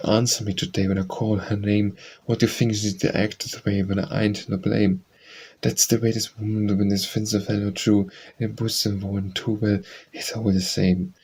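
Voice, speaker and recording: A man's voice: on the low side, a little mellow, slightly rough. A man reading poems aloud for an audiobook, reciting dialect verse in a rhythmic sing-song. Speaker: audiobook reader.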